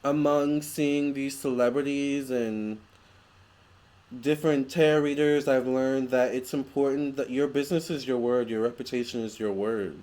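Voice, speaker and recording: A man's voice: medium pitch, fairly even intonation, moderate pace, darkish tone. A young man vlogging in a chatty, gushing way, full of fillers and restarts. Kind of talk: casual storytelling vlog.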